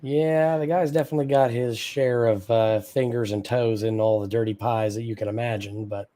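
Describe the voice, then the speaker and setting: A man's voice: mid-range voice, fairly even intonation, normal speed, mellow. A man co-hosting a podcast in casual chat, laid-back and agreeable in manner. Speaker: podcast co-host.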